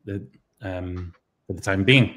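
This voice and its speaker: An Irish man with a somewhat low voice teaches language points in an easygoing two-person lesson. He thinks aloud, stopping and restarting his sentences with plenty of ums. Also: a little slow, pushed and bright. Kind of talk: explaining grammar in a relaxed two-person lesson.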